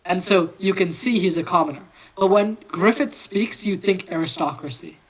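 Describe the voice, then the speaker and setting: Clear, emphatic man in discussion. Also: high-pitched, normal speed, low-quality recording. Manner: clear, loud, emphatic, careful speech. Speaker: discussion participant. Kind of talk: casual philosophical discussion.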